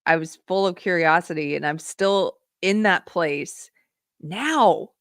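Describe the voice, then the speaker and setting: A middle-aged woman with a voice on the low side takes her time as she hosts a live political commentary stream. She reads viewer comments aloud and earnestly poses rhetorical questions to her audience. The sound is clean studio audio with no echo.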